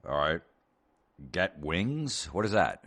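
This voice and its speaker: A man's voice: sits low, big pitch swings, slow, a bit bright. A male comedian host delivering a profane, sarcastic, exasperated comedic rant.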